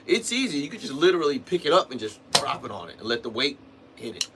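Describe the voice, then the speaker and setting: Over background noise, a fast-talking man with a mid-range voice and big pitch swings hosts a livestream about drumming. His casual teaching talk wanders, full of restarts plus "man" and "you know."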